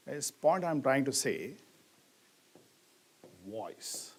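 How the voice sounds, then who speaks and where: A man's voice: on the high side, lively intonation, takes it slowly, pauses often, a little mellow. A middle-aged man, teaching a grammar lesson and asking the class questions that he then answers himself, leaning hard on key words. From India.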